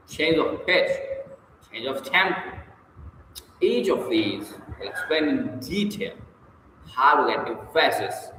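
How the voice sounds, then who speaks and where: A man reading a book on public speaking aloud, measured and stressing key words with sharp jumps in pitch. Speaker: audiobook reader. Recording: very echoey room, long reverb, faint hiss.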